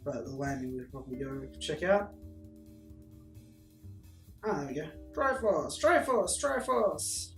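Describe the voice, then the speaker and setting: A woman's voice: extremely low pitch, normal speed, pauses often, a little mellow. A woman casually commenting as she plays a game, hesitant and musing, with frequent fillers. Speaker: gameplay streamer. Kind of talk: casual let's-play commentary. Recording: roomy, distant mic with game music.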